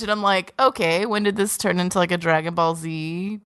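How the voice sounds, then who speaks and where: A woman's voice: medium pitch, steady tone, moderate pace, few pauses, fairly bright tone, clean tone, no echo, studio quality. A woman co-hosting an anime podcast, recapping episodes in a sarcastic, swearing, casual way and acting out characters' lines. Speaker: podcast co-host.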